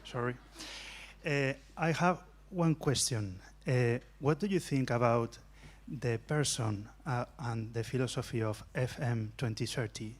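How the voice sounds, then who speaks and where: A man's voice: medium pitch, unhurried. A man from Spain with a Spanish accent, a doctoral student asking a conference question in a hesitant, apologetic way. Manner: hesitant, apologetic, many fillers.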